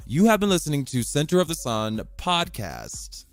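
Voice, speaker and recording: A man hosting a casual solo podcast from his bedroom, rambling and excitable, swearing offhandedly and reading passages aloud from a website. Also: fairly high pitch, moderate pace, dry recording, faint music behind. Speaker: podcast host.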